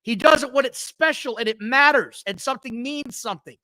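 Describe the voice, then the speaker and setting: A very high male voice, fairly quick, on a poor-quality recording without echo. As co-host of a laid-back wrestling podcast, he recounts matches in a blunt, foul-mouthed, highly animated way.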